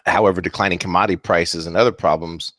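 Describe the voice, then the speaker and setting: A man's voice: sits low, steady tone, quick pace, fairly bright tone, no echo. A man co-hosting a casual talk show, speaking loosely with lots of fillers. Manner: loose, filler-heavy, lots of "you know". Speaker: co-host.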